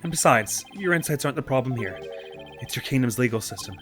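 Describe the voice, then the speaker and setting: A man playing a calm defense lawyer. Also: medium pitch, soft background music, close to an everyday voice. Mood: earnest. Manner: measured, reassuring tone. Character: calm adult male defense lawyer, level-headed. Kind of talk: let's play voice acting.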